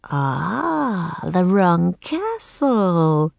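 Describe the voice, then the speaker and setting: A woman doing a raspy, mocking half-bird king. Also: on the low side, sing-song, a little mellow, dry recording, full character voice. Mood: menacing. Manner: slow, drawn-out, mocking.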